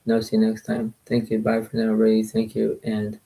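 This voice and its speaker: Brief: soft-spoken man, low, dark gravelly voice, rambling casual vlog talk. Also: monotone, fast talker, rough recording. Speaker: poker video creator. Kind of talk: casual rambling recap to viewers.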